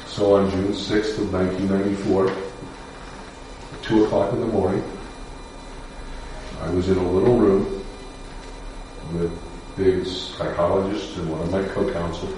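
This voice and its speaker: A man, a defense lawyer, telling a personal story in a measured, somber way with pauses and fillers. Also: low-pitched, little pitch movement, mellow, distant mic, slight background noise. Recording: echoey room picked up from afar.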